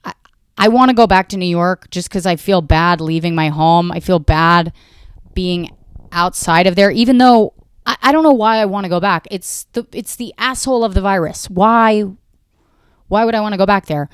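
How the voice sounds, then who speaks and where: A woman's voice: mid-range voice, normal speed, clean tone, no echo. A woman hosting a comedy podcast, rambling through a profane, self-deprecating monologue.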